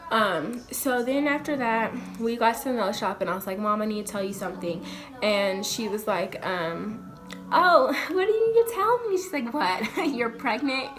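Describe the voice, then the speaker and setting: A young woman from Colorado speaks at a middle pitch in a loose, chatty storytelling manner, sprinkling in "like" and "um" and slipping into quick impressions of the people she quotes. Music plays clearly in the background of her recording. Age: young adult. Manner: chatty, lots of "like" and "um", acts out quoted voices. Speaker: vlogger. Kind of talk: casual storytelling to camera.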